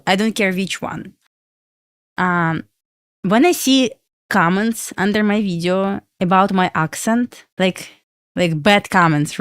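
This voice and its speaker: A woman's voice: medium pitch, dry recording, clean studio sound. Russian-accented woman chatting on a livestream. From Belarus. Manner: chatty, answers chat questions, frequent fillers. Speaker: livestream trading host. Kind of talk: casual livestream chat.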